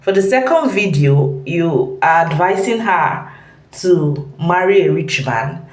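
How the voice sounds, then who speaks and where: A woman host talks through clips she has just watched in a relaxed, amused tone. She speaks slowly in a fairly low voice. The room around her adds a clear echo. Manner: laughing, relaxed reaction chat. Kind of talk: casual commentary.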